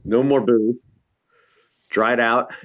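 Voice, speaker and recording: A man's voice: medium pitch, fairly even intonation, takes it slowly, a bit bright. A middle-aged man, a lighting designer and guest, telling a tour story in a casual way, acting out quotes and laughing often, over a video call from his home.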